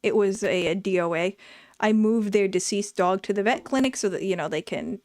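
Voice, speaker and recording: A woman's voice: medium pitch, normal speed, dry recording, studio quality. A woman chatting casually and telling frank, profane stories from her past work at a vet clinic. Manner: frank, profane, animated storytelling. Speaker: streamer reading chat, former vet clinic worker. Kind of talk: casual storytelling chat.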